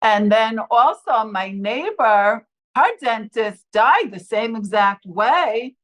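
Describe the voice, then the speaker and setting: A woman's voice: fairly high pitch, slow, low-quality recording. A woman from the New York area telling her personal near-death story in earnest, acting out what others said. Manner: earnest, acts out quotes with lively voices. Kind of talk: personal testimony, told in her own words.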